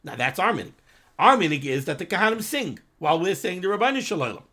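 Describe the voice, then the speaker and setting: Lively high-voiced man teaching. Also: fast. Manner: animated, quotes texts in Hebrew and Yiddish-flavored pronunciation. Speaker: Torah teacher. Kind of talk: daily halacha class.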